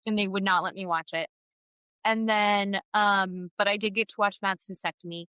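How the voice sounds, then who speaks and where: Bright, chatty woman podcast co-host. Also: mid-range voice, normal speed, clear, resonant tone, no room sound, rough recording. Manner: animated storytelling with quoted dialogue. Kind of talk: casual chat.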